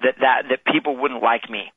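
Casting note: male guest calling in, earnest and self-deprecating, rambling, mid-pitched, tinny phone line. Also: moderate pace, breathy edge, dry recording. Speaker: guest author. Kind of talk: casual interview chat. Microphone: telephone.

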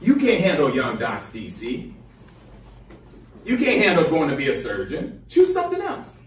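A man's voice: fairly high pitch, wildly swooping pitch, normal speed, slight background noise. Fired-up young man in an echoey hall. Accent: Chicago. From Chicago, USA. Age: 20s. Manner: fired-up, preacher-like call and response. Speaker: medical student speaking to high schoolers. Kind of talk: motivational speech. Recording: roomy echo, from far off.

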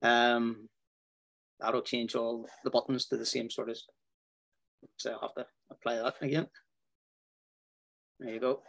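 A man walking viewers through building a website, talking in a relaxed way with fillers, over a video call. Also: medium pitch, unhurried, creaky, pauses often. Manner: relaxed, thinking aloud with fillers. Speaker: web design instructor. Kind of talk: screen-share tutorial walkthrough.

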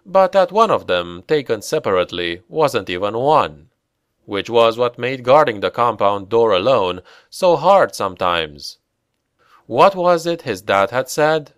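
A man reading a novel aloud as an audiobook narrator, measured and deliberate. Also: medium pitch, clean tone, no echo, clean studio sound. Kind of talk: scripted narration.

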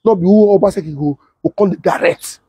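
A middle-aged man with a Nigerian Pidgin accent, telling a political story in a casual, animated way and talking straight to his viewers. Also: high-pitched, fast talker, husky, no room sound, clean studio sound. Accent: Nigerian Pidgin English. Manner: animated, repeats himself, talks straight to viewers. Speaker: political commentator.

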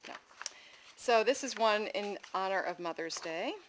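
A woman in her thirties reads her memoir aloud at a literary festival. Her delivery is wry and lively, and her voice sits at an everyday middle pitch. She sounds amused by her own stories. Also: unhurried, very noisy. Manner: wry, animated, playfully voices her child's shouts. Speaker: author reading from her memoir. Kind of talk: live literary reading.

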